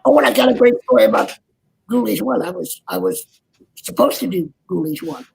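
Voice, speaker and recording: Older man, gravelly and husky, halting interview chat, voice leaps up and down. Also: high voice, lively intonation, darkish tone, slight background noise, poor audio. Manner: rambling, halting, many restarts. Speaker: actor guest. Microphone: video call.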